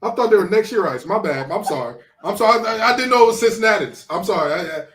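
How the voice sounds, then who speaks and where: A man co-hosting a sports podcast, trash-talking in an animated way and throwing in preacher-like exclamations. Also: high voice, fast. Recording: roomy, far from the mic.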